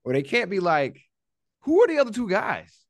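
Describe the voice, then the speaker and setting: A man's voice: high-pitched, wildly swooping pitch, normal speed, no echo. Male podcast host, loose joking delivery with swearing, dry recording. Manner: profane, rambling, joking. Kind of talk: casual wrestling chat.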